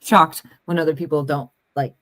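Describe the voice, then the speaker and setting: A woman hosting a casual podcast, chatty and quick to react. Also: low voice, fairly even intonation, no echo. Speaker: podcast host.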